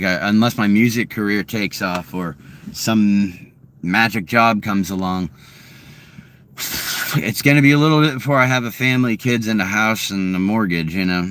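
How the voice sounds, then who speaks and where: A man's voice: sits low, fairly bright tone, smooth. A man in his late thirties chatting casually and answering viewers, meandering with many fillers and restarts, often chuckling. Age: 30s. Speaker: streamer answering chat. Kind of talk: rambling casual chat. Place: home.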